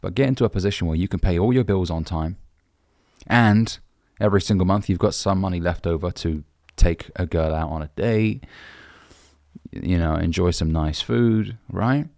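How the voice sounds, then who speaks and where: Uk guy dating coach talking straight to camera, gravelly voice, dead dry sound, swears a lot. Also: sits low, normal speed, a little mellow, no room sound. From United Kingdom. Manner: blunt, brotherly, swears casually. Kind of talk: direct-to-camera advice talk.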